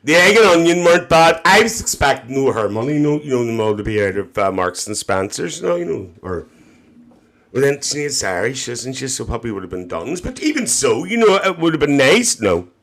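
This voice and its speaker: A man's voice: medium pitch, big pitch swings, a little fast, fairly bright tone. A man performing a brash, gossiping older Northern Irish auntie with a Northern Irish accent, telling rambling stories on a comedy livestream. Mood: gossipy. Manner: rambling anecdotes with frequent "dear" and "uh-huh". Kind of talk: character comedy monologue on a livestream.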